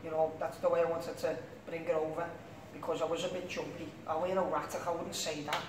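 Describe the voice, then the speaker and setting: Liverpool man, high voice, distant and echoey. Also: level tone, fast talker. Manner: rambling, peppered with "you know what I mean". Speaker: interview guest, singer. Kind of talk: casual interview chat. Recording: echoey room, distant mic, faint noise.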